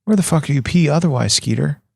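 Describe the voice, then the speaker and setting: A man's voice: a little high, animated, fast talker, creaky, slightly rough, no echo, studio quality. A man co-hosting a comedy podcast, brash, profane and exasperated. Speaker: podcast co-host.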